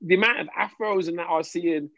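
Gravelly and high-pitched, a man talks at a quick pace in casual conversation, lively, jokey and prone to restarting. The dull lo-fi recording is dry, with no echo.

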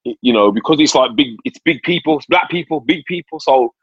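A man's voice: mid-range voice, lively intonation, fairly quick, husky, dry recording. Guy rambling on a podcast, dead dry room, kinda dull lo-fi sound. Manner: rambling, repeats words, says man a lot. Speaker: podcast co-host, comedian. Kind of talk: casual chat.

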